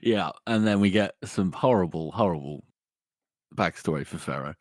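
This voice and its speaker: A man co-hosting a podcast, discussing a book casually, expressive and laughing often. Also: low-pitched, moderate pace, no room sound, clean studio sound. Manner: expressive, laughs often, swings into big character voices. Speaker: podcast co-host.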